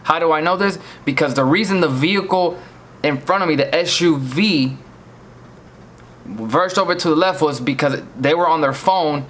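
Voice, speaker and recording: A man's voice: a little high, a bit bright, slight background noise. A man from Virginia recounts a near crash in a vlog, shaken and earnest, often repeating himself as he pleads with viewers. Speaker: vlogger.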